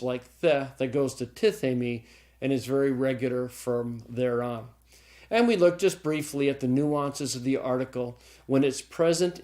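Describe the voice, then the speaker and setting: A middle-aged man lecturing on Greek grammar with a patient, conversational manner. His voice sits at a moderate pitch, and he often pauses to check in with his listeners. He gives a soft chuckle now and then as he explains. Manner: chuckles lightly while explaining. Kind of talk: recorded classroom lecture.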